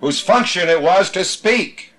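A man's voice: high voice, lively intonation, a little slow, fairly bright tone. A man leading a small-group Bible study, teaching emphatically, repeating his points and reading scripture aloud.

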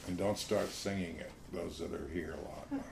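A man's voice: low voice, fairly even intonation, normal speed, vocal fry. A man leading an informal Bible study, talking casually and reading scripture aloud to a small group. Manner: conversational, reads scripture aloud. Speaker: Bible teacher. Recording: roomy echo, faint hiss.

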